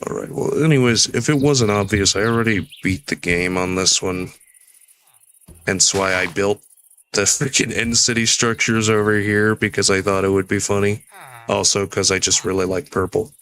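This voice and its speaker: A man's voice: low-pitched, fairly bright tone, slight background noise. A tired young man mumbling and rambling through casual gameplay commentary, with a nasal voice. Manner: mumbling, rambling, self-deprecating. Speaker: streamer.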